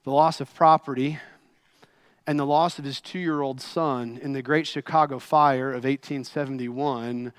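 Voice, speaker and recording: A middle-aged man preaching a sermon as senior pastor, swinging between loud, pleading passages and soft, hushed ones. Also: mid-range voice, fairly even intonation, unhurried, clear, resonant tone.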